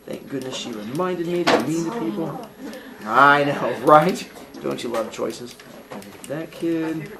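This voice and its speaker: A man's voice: mid-range voice, a little slow, gravelly, a crowd in the background. A man teaching a class, joking and teasing his students as he goes through the lesson. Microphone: distant recorder in the room. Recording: distant, echoey classroom with noise.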